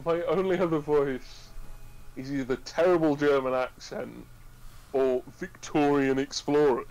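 A man's voice: fairly high pitch, fairly even intonation, unhurried, a little mellow, rough recording. A man from Devon co-hosting an art stream, teasing and self-deprecating in casual chat. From Devon, England. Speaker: co-host.

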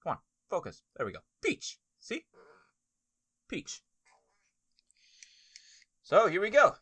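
Man, gameplay commentary, high voice, bright tone, excitable, loud exclamations. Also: slow, breathy edge, no echo. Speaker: gaming video host.

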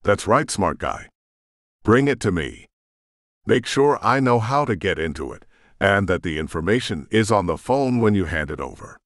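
A man's voice: on the low side, sing-song, moderate pace, fairly bright tone, no echo, clean studio sound. Man voicing a sneering vengeful rogue shifter. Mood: threatening. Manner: sneering, taunting.

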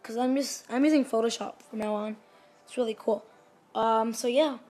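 A high-pitched woman narrates her own gameplay in a hyper, gushing rush. She repeats her exclamations over and over and jumps from loud cheering to low mumbled asides. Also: steady tone, normal speed. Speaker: gaming channel host. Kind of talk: excited gameplay commentary.

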